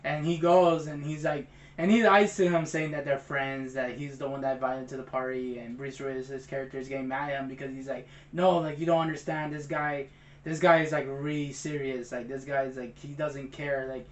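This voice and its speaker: A young man co-hosting a movie review, retelling the plot quickly and excitedly. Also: medium pitch, roomy sound. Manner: excited, fast retelling, says "bro". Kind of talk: casual movie chat.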